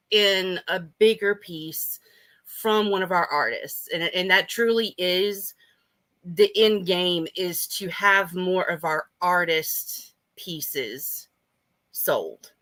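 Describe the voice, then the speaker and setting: Earnest woman with a bright, dry voice. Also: fairly low pitch, slow, no echo, poor audio. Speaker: guest, small business owner. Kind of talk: casual livestream chat.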